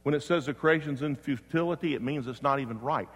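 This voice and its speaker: A man's voice: medium pitch, fast talker, slightly rough. Preaching man in a reverberant hall. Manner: swings from loud preaching to hushed storytelling. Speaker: pastor. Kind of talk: sermon.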